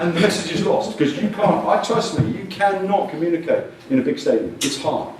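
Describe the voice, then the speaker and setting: A man giving a lively, jokey presentation at a coaching conference, often acting out voices. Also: on the high side, a little fast, few pauses, a crowd in the background. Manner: animated, jokey, acts out voices. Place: large hall. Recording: echoey hall, mic far off.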